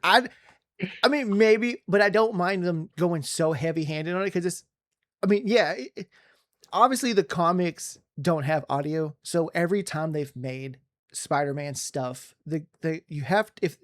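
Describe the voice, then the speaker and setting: Excited rambling man on a podcast. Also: fairly high pitch, normal speed. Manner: excited, rambling, restarts often. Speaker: podcast co-host. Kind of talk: casual movie review chat.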